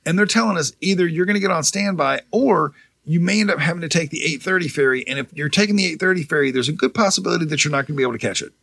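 A man's voice: a little high, rapid-fire, gravelly, fairly bright tone, husky, dry recording. A young man co-hosting a podcast, telling a travel story in casual, profane chat, laughing often. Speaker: podcast co-host.

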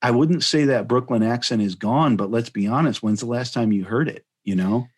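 A man's voice: medium pitch, moderate pace, a little mellow, breathy edge. A man from Chicago hosting a casual podcast chat, rambling with many restarts. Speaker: podcast host.

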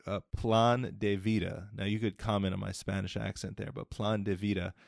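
A man's voice: fairly low pitch, vocal fry, a little mellow, dry recording, clean studio sound. A middle-aged man hosting an interview, affirming often and steering with questions. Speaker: podcast host. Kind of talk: casual interview.

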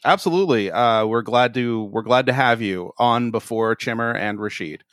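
A man's voice: mid-range voice, normal speed, a bit bright, no room sound, studio quality. A man co-hosting a podcast in casual chat, rambling and laughing often, a little tipsy. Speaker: podcast co-host. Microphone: studio mic.

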